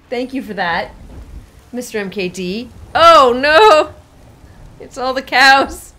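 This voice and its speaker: A woman's voice: high-pitched, expressive, takes it slowly, pushed and bright. A woman streaming a video game, playful and exclamatory, laughing and reacting as she plays. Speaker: gaming streamer. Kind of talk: live game commentary.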